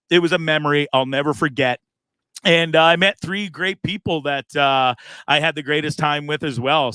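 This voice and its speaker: A man hosting his own live show, telling a long story in a casual, animated way, acting out the other people in it and swearing freely. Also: fairly high pitch, no echo. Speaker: host.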